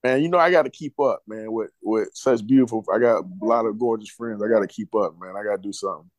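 A man's voice: lowish voice, fast talker, dry recording. A man co-hosting a podcast, joking and chatting casually in a playful way. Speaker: podcast co-host. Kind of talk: casual chat.

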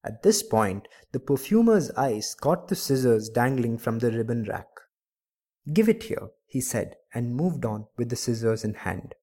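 A male storyteller reading a story aloud in a measured, expressive manner. His voice sits at an ordinary middle pitch. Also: husky.

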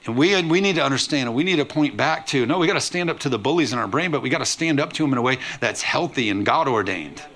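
A man's voice: medium pitch, expressive, quick pace, hardly any pauses, fairly bright tone. Emphatic male pastor preaching a sermon. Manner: emphatic preaching with call-and-response questions to the congregation. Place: church sanctuary.

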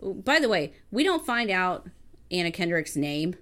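A woman in casual chat about a movie, laughing easily and chiming in with quick agreement. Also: on the low side, big pitch swings, fairly bright tone.

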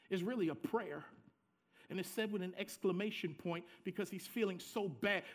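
A man preaching a sermon as pastor, with dramatic swings from soft low asides to loud, high cries. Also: unhurried.

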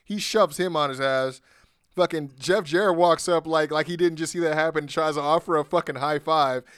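A man's voice: on the high side, normal speed, clean tone, no echo, clean studio sound. A man hosting a podcast who gives a casual, profane and laughing recap of wrestling shows. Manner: profane, laughing, animated retelling. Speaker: podcast host.

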